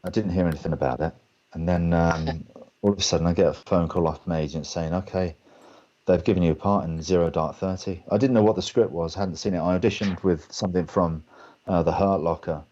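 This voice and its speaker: An English man, a guest actor, telling lively anecdotes on a video call and acting out the other people in his stories. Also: low voice, brisk, highs cut off. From England. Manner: animated anecdotes, acts out other people's lines. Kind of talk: storytelling in a webcast Q&A.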